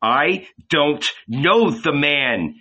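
A man's voice: fairly high pitch, very animated, slow pace, sharp tone, husky, pitched above the performer's own voice, full character voice. A man voicing a frightened older male disciple, strained and pleading in a raised voice. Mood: desperate. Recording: slightly dull lo-fi recording.

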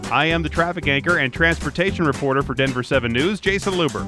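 A man's voice: a little high, fast talker, music in the background. A middle-aged man hosting a casual transportation podcast, rambling with frequent restarts. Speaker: podcast host and traffic reporter.

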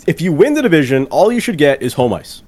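A man's voice: on the high side, very animated, quick pace, a little mellow. A man co-hosting a casual sports and music podcast, chatty and prone to emphatic rants. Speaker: podcast co-host. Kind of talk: casual chat.

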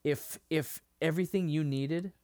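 This podcast co-host's voice sits on the high side, moving at a moderate pace in a studio-quality recording with no room sound. Chatting casually about a TV episode, he recounts it emotionally and animatedly, with lots of fillers and restarts.

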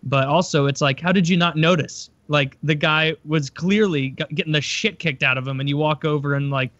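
A man's voice: on the high side, brisk, a bit bright, dry recording, muffled recording. A man in casual chat, joking loosely and leaning on filler words.

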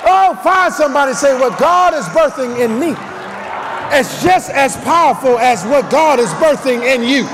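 A man preaching a shouted revival sermon, calling on the congregation to repeat his lines. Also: extremely high pitch, expressive, normal speed, noisy background. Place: church service with a crowd. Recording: live church mic with music and crowd.

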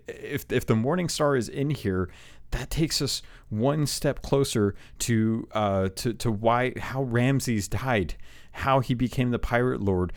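A man with a slightly low voice gives casual, excited commentary on game lore. He rambles, trips over his words and restarts sentences as his enthusiasm runs ahead of him. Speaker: game lore video host.

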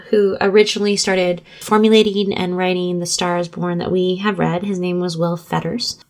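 A woman co-hosts a casual podcast chat with a mid-range voice. She talks in a chatty, enthusiastic way. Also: mid-range voice. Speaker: podcast co-host.

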